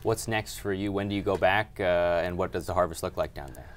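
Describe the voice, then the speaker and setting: Low-voiced male farm show host. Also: brisk. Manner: reads the intro smoothly, asks questions with fillers. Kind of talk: scripted narration and interview questions.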